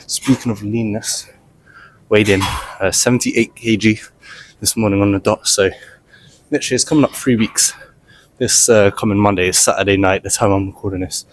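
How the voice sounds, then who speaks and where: Slightly breathless low-voiced man. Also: steady tone, moderate pace. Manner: rambling, with many fillers. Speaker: fitness vlogger. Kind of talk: casual gym vlog talk to camera. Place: gym, on a treadmill.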